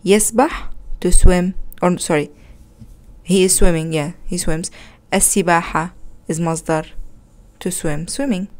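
A woman with a slightly low voice teaches an Arabic grammar lesson. She moves between English explanations and Arabic example words. She often catches her own slips with a quick "uh, sorry.". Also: a little mellow. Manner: self-correcting, with frequent "uh, sorry" slips. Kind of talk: recorded grammar lesson, reading examples aloud.

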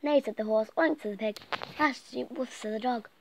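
Woman, fairly high voice, reading a picture book aloud, animated, dips into whispers, slight background noise. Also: brisk, gravelly. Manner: animated, slips into soft whispers and tripping restarts. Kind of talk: reading a children's story aloud, partly whispered.

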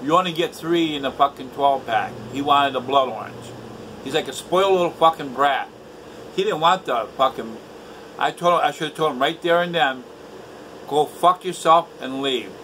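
A man's voice: fairly high pitch, moderate pace, a bit bright, slight background noise, low-quality recording. A man in later life ranting to camera at home, bitter and profane, repeating himself. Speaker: vlogger. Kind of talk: angry rant to camera. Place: indoors at home.

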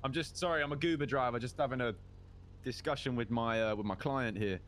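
A man's voice: mid-range voice, a little fast, a bit bright. A man doing in-character game roleplay, cheeky and bantering. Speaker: roleplay gamer playing a driver.

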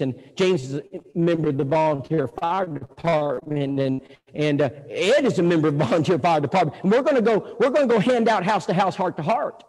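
Animated, husky-voiced male preacher. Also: sits high. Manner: animated storytelling, swings between loud and hushed. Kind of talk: storytelling sermon. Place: church hall. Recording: echoey hall.

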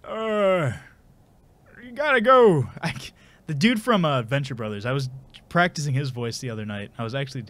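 A man's voice: medium pitch, expressive, moderate pace, fairly bright tone, dry recording. A man with a congested voice giving casual, rambling, self-mocking commentary while playing a video game. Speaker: gameplay commentator. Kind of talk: casual let's play commentary.

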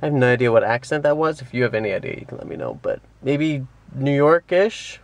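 A man's voice: medium pitch, a little fast, no room sound. A man chatting casually to camera in a vlog, rambling and joking at his own expense from his car seat. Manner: rambling, jokey and self-mocking. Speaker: vlogger. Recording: steady background noise.

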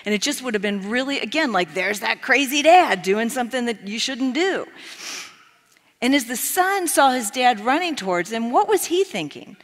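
A woman preaching a sermon, telling a story in an animated way and acting out the quoted lines. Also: on the high side, normal speed, big-room sound. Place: church sanctuary.

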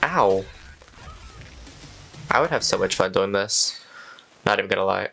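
A man's voice: on the low side, expressive, a little slow, vocal fry, long pauses, fairly bright tone, slight background noise, poor audio. A man hosting a reaction video, chatting casually and exclaiming at what he watches.

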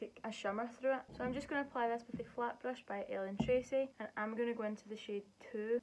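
A woman's voice: mid-range voice, slight background noise, rough recording. A young woman, chatting through a makeup tutorial step by step as a beauty vlogger. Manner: chatty, explains each step as she works.

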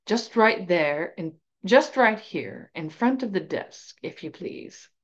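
A woman voicing a cold, imperious male wizard professor who makes slow, quiet, deliberate threats. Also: mid-range voice, animated, natural voice. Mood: coldly menacing. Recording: slightly dull lo-fi recording.

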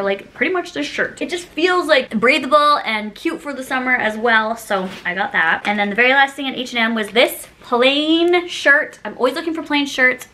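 A woman's voice: on the high side, sharp tone. A young woman chatting casually through a shopping haul, bubbly and self-mocking, often breaking into giggles. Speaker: vlogger.

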